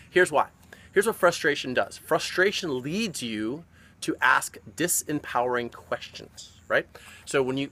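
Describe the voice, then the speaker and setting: Fitness coach, male, bright and forceful, animated motivational delivery, mid pitch. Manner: animated, often checks in with "okay?" and "right?". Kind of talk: motivational vlog talk.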